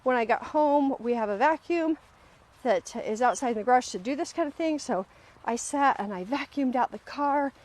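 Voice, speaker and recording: Animated woman hosting a live self-help talk. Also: sits high, normal speed. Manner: animated storyteller, often acts out quoted voices. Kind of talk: casual motivational talk to a live audience. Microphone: livestream camera mic.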